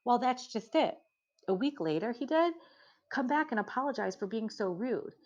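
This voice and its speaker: A woman voicing a worried middle-aged farmer's wife, flustered, with her pitch rising as she talks. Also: animated, normal speed. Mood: fretful. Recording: dull lo-fi recording.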